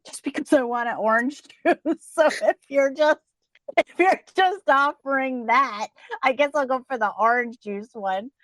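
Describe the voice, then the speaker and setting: A woman's voice: high-pitched, unhurried, dry recording. A middle-aged woman with a New Jersey accent, co-hosting a podcast in casual, rambling chat full of fillers and restarts. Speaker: podcast co-host.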